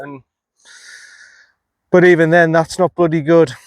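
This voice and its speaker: A golf vlogger with a fairly high, steady voice talks at a normal speed with long pauses as he plays outdoors. His casual commentary is self-critical, and he mutters at himself when a shot goes badly; there's no echo.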